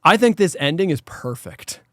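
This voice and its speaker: A man's voice: on the high side, sing-song, moderate pace, fairly bright tone, no room sound, clean studio sound. A man co-hosting a podcast, retelling a cartoon episode in casual chat, acting out lines and sound effects and swearing freely. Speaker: podcast co-host.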